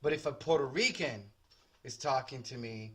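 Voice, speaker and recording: A man's voice: mid-range voice, normal speed, husky. A man, a tattoo artist co-hosting a casual podcast chat, joking and laughing often.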